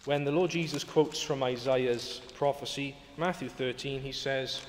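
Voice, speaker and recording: A man's voice: medium pitch, fairly even intonation, unhurried, a little hiss or hum. A man preaching a sermon in a church, earnest and emphatic, often rising to exclamations. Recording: echoey hall with long reverb.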